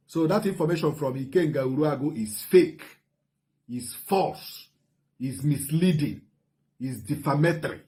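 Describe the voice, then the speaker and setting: Igbo-accented middle-aged guy, slightly high voice, goes back and forth igbo and english, keeps repeating himself, fired-up rebuttal. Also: unhurried, mellow. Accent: Igbo Nigerian. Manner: mixes Igbo and English, repeats phrases, rhetorical questions. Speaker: community spokesman rebutting a report. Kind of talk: impassioned video statement.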